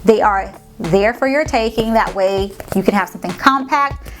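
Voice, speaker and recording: A woman's voice: mid-range voice, moderate pace, faint music behind. A woman vlogger, giving a sassy, slangy motivational pep talk to her viewers. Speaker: motivational vlogger and podcast host. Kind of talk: casual motivational talk to camera.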